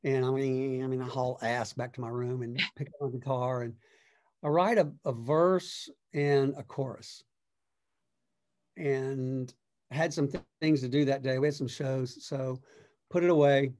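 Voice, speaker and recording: A middle-aged man, a songwriter guest, telling a long story in a relaxed, conversational way. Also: mid-range voice, unhurried. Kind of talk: casual storytelling.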